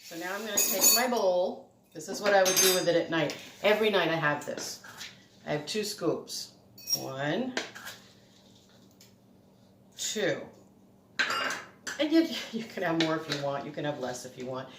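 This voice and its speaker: Middle-aged lady rambling on about her recipe, a bit breathless, lowish voice, echoey kitchen w noisy phone audio. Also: animated, unhurried, pauses often. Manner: chatty, rambling, laughs often. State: a little breathless. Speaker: cooking vlogger. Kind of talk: casual home cooking demo. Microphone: phone camera.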